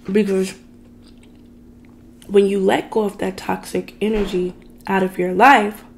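A woman vlogger spins a dramatic personal story in a loose, ranting storytime style. She talks to her viewers directly, unhurried, and her voice has a gravelly fry to it. There is a faint noise in the background. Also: medium pitch, darkish tone. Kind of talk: casual storytime rant.

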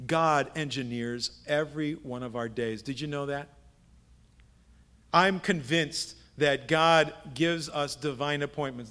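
A middle-aged pastor delivers a sermon in a fairly high male voice. He preaches like he is telling stories to friends and keeps tossing rhetorical questions at the congregation. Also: a bit bright. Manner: conversational storytelling with rhetorical questions. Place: church sanctuary.

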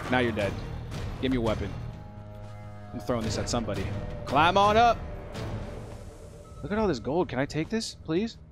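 Excitable male gaming host, chatty and jokey, over game music. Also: medium pitch, moderate pace, pauses often. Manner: excitable, joking, talks to the characters. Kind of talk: let's play commentary.

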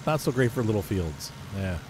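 A man casually commentating his own farming game, chatty and self-mocking, often jumping into playful high exclamations. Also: big pitch swings, normal speed, background noise. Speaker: gameplay commentator. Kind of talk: casual let's-play commentary.

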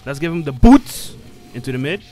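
Excitable man yelping through game commentary. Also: a little high, moderate pace, soft background music. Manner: excitable, swears and laughs often, sudden yelps. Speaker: streamer playing an online fighting game. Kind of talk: casual live gameplay commentary.

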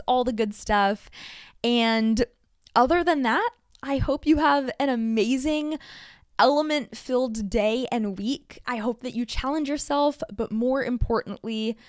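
A young woman hosting a solo podcast, talking fast and bubbly with frequent laughter. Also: on the high side, clear, resonant tone, dry recording, clean studio sound. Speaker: podcast host.

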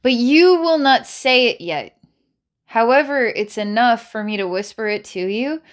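A woman's voice: on the high side, expressive, measured pace. A woman giving a channelled psychic reading to camera. She rambles and repeats herself, restarts phrases, breaks into laughter, and switches between dramatic challenges and coaxing. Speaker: psychic reader.

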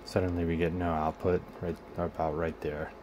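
A man's voice: low voice, flat delivery, background noise. A man narrating a guitar pedal repair at his workbench, casually thinking aloud as he tests and troubleshoots. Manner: thinking aloud, unhurried, trailing off while working. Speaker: repair video host.

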